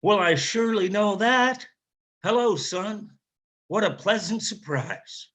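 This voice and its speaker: Long-lost dad, warm and delighted, slight Southern drawl, slow delivery; a man reads it out. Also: sits high, expressive, pitched above the performer's own voice, heavily acted.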